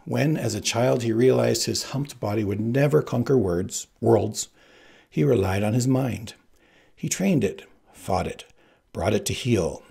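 Gravelly man reading a story aloud. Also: mid-range voice. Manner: expressive, animated storytelling. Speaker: reader. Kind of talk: audiobook narration.

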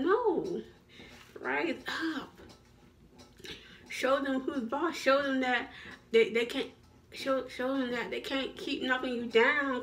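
Woman vlogger preaching be nice, keeps repeating herself, highish voice, a bit far from the mic. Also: a bit bright. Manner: repetitive, preachy, encouraging, restarts often. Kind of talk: motivational talk to camera.

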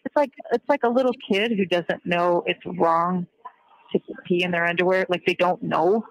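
A woman's voice: fairly low pitch, steady tone, moderate pace, low-quality recording. A woman on a recorded call, talking earnestly and reflectively, often trailing off as she searches for words. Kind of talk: reflective conversation.

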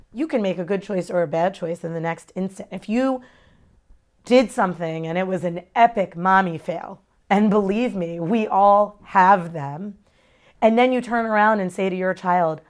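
A woman, a mother, answering interview questions candidly about parenting, talking fast and earnestly with expressive shifts in tone. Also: mid-range voice. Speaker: parent giving a testimonial.

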